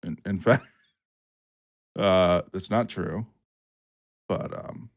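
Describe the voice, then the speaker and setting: A man's voice: low-pitched, drawn-out words. A young man hosting a podcast, joking around and swearing freely in casual chat. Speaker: podcast host.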